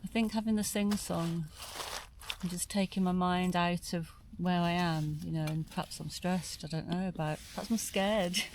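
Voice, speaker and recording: A woman's voice: lowish voice, fairly even intonation, normal speed, noisy background. A woman vlogging from inside a small tent in winter, chatting aloud to the camera and musing as she goes. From South East London. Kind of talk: casual solo camping vlog.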